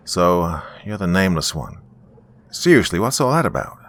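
Man doing gruff young hunter, blunt, curt, deep-voiced. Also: very animated, normal speed.

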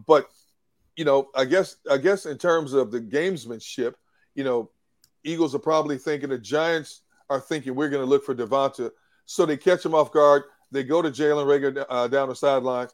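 A man's voice: mid-range voice, no room sound. A man breaking down a football loss on a post-game show, emphatic and opinionated. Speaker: sports analyst.

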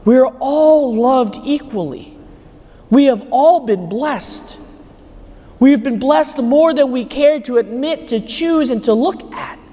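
A man with a high voice preaches a homily. He drives his points home with rhetorical questions, and his voice rings with the long reverb of a large church. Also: lively intonation, takes it slowly, warm tone. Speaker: homilist at Mass. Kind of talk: sermon. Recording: echoey church hall.

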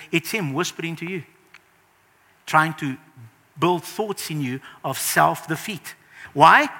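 Bright-voiced preacher in an echoing hall. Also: male voice, high-pitched. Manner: earnest, emphatic preaching with sudden louder rises. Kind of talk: sermon. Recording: reverberant hall.

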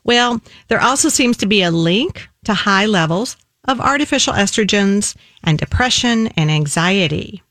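A woman nutritionist co-hosting a radio show, explaining in a measured, steady way. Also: medium pitch, no room sound, studio quality. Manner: measured, warm explaining, slows down for phone numbers. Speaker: nutritionist co-host.

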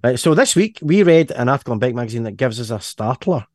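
A Scottish man chats as a podcast host, rambling, chuckling and breaking off his own sentences. His voice sits at an everyday pitch and sounds close and dry, with no room around it. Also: animated, fast talker, darkish tone, no echo. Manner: rambling, chuckling, self-interrupting. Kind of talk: casual chat.

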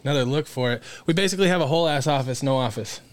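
A man's voice: mid-range voice, very fast. A man co-hosting a podcast, brash and profane, calling his friends "dog". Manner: brash, swears a lot, says "dog". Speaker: podcast co-host. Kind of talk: casual chat. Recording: studio podcast mic, faint hiss.

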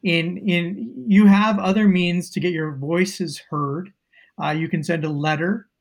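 A man's voice: high-pitched, fairly even intonation, measured pace, creaky. A Canadian man giving blunt, emphatic political commentary in a casual podcast debate.

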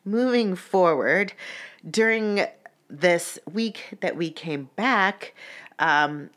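A young woman tells a story straight to camera in a low-pitched voice. She swears freely, fills her talk with "like," and sounds heated as she goes. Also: a bit bright. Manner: profane, heated, many "like" fillers. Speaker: vlogger. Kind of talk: casual storytelling.

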